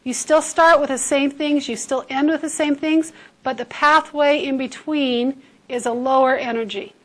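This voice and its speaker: In a high school classroom, a woman teacher lectures on chemistry, using everyday comparisons and checking in with "okay?". Her voice is high and steady at a normal speed, and the recording is rough.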